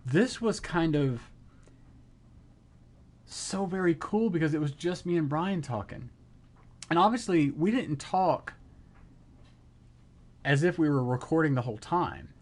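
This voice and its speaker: A middle-aged man streaming live, telling an excited story in casual chat and acting out the quotes. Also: fairly high pitch, unhurried, long pauses.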